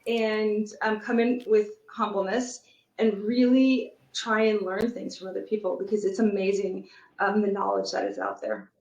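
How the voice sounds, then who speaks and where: A woman's voice: mid-range voice, expressive, normal speed, a little mellow, echoey room, highs cut off. A woman guest answering interview questions thoughtfully, with frequent ums and restarts. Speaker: guest, product leader and youth soccer coach.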